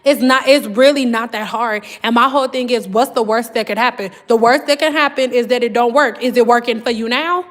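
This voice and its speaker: A woman's voice: fairly high pitch, brisk, hardly any pauses. Chatty woman on a livestream. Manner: chatty, says girl and y'all a lot. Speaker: livestream host. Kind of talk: casual livestream chat.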